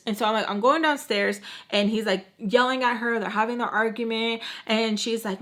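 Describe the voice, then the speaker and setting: Her voice is slightly high and fairly bright, at a normal speed with hardly any pauses. The young vlogger tells a chatty storytime packed with "like," sprinkles in Spanish phrases, and changes her voice to play the people she quotes.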